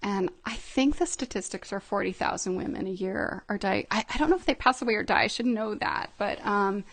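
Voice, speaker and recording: A middle-aged woman, appearing as a podcast guest, tells a personal story in a soft, halting manner with many fillers. Her voice is medium in pitch.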